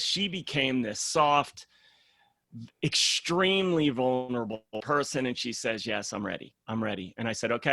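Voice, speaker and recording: A man, a program founder, speaking in a casual podcast conversation as an animated storyteller who acts out the voices he quotes. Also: medium pitch, dry recording, clean studio sound.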